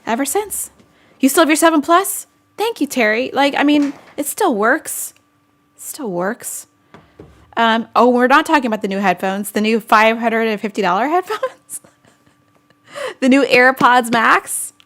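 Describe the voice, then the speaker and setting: A woman with a slightly high voice chats casually on a live stream, giggling often as she answers viewer comments. Her talk is loose and rambling, full of little asides. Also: animated, unhurried, long pauses, a bit bright. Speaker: vlogger hosting a live chat.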